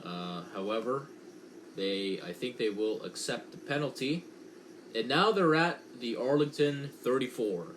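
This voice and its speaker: A young man calls a football game from home in a slow, unhurried way, stopping to correct himself and make chatty asides. His voice sits at an ordinary middle pitch. A faint hum of room noise sits under the recording. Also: animated. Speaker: amateur play-by-play commentator. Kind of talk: casual watch-along commentary.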